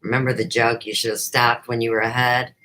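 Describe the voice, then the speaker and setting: A woman's voice: a bass voice, level tone, brisk, pushed and bright, low-quality recording. A middle-aged woman hosting her own livestream show, talking off the cuff in an unrehearsed, rambling way that jumps from topic to topic. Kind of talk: unrehearsed casual livestream chat.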